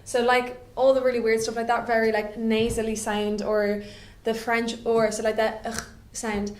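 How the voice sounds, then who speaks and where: A woman's voice: on the high side, level tone, moderate pace. A woman, giving a chatty classroom lecture as a French teacher and checking in with "okay?" often. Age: 20s. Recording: echoey room, voice from a distance.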